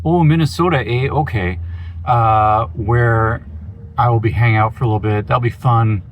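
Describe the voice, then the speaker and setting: A man's voice: fairly low pitch, flat delivery, a little slow, dull audio, a little hiss or hum. A man from Oregon giving a casual, rambling video update from inside his van, with goofy self-mocking asides. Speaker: van life vlogger.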